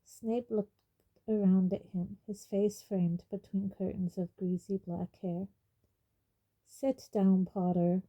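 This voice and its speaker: Brief: woman audiobook narrator, measured, slow, very mellow tone. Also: mid-range voice, steady tone, slightly rough, rough recording. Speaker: audiobook reader. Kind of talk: storybook narration.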